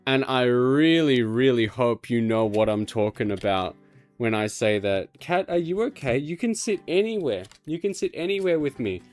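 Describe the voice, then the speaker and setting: A man's voice: mid-range voice, lively intonation, normal speed, soft background music. A man streaming a video game from home, chatting casually and fondly talking to his cat between rambling, self-mocking asides. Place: home room.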